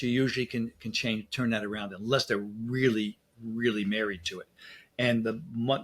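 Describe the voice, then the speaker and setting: A man, a dentist guest in a casual interview, telling lively anecdotes and acting out dialogue. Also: medium pitch, husky.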